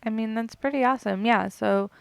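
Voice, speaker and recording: A woman's voice: on the high side, a little fast, vocal fry, smooth, dry recording. A woman hosting a casual podcast interview, encouraging her guest with short affirmations. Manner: relaxed, encouraging with short backchannels. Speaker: podcast host.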